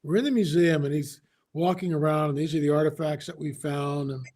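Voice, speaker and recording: A man as an interview guest, telling a story in an animated way, often restarting his sentences. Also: fairly high pitch, brisk. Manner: animated, re-enacts dialogue, frequent restarts.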